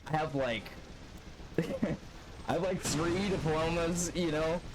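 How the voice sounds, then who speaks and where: A man's voice: on the high side, slow, background noise. A young man streaming a speedrun, telling a long story in a rambling, profane, laid-back way. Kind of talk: casual storytelling while gaming live.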